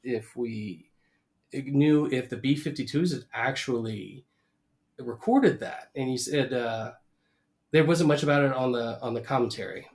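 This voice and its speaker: A man's voice: mid-range voice, unhurried, darkish tone. Man co-hosting a podcast, casual and enthusiastic as he recaps scenes. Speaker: podcast co-host. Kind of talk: casual chat.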